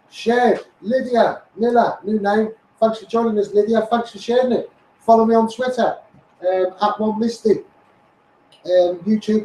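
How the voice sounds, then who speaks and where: A man's voice: sits high, mellow, reverberant, recorded from a distance, slight background noise, low-quality recording. A man with a Liverpool accent hosting a casual live stream, reading out viewer comments and calling people mate. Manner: addresses viewers by name, calls them mate.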